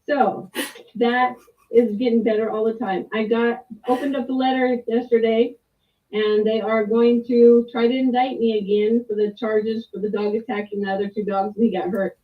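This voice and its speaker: Middle-aged woman rambling about her week, kinda high voice, tinny phone sound. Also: little pitch movement, normal speed. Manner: rambling, candid, with frequent restarts and mild swearing. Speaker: client sharing a testimonial. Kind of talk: casual personal testimony. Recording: tinny phone-like line, distant from the mic.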